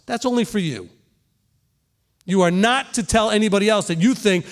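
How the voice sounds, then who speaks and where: A middle-aged male pastor with a notably high voice preaches in a plain, conversational way. He talks earnestly and keeps checking in with his listeners with a quick "okay?" as he teaches. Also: animated. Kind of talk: sermon.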